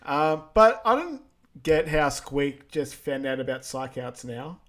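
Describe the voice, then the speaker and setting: A man's voice: a little high, a little slow. A man, recapping a film and agreeing briefly. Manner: relaxed, brief agreeing replies. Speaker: podcast co-host. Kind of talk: casual chat rewatching a film.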